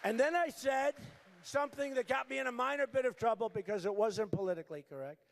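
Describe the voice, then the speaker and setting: A man's voice: extremely high pitch, quick pace, vocal fry, some chatter behind. Emphatic older man at a rally. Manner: repetitive, emphatic, shouting at times. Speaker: political candidate. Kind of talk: campaign rally speech. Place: large rally venue.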